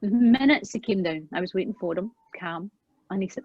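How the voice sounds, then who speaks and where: A woman guest in an interview, earnestly telling a personal parenting story and acting out the quoted lines, often trailing off softly. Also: medium pitch, brisk, breathy edge, no echo. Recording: dull, dry, lo-fi sound.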